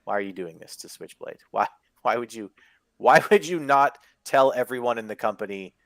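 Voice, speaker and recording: A man's voice: mid-range voice, normal speed, no room sound. Man recapping wrestling, dry close sound. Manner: profane, excitable play-by-play recap. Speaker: podcast co-host recapping wrestling. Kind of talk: casual chat.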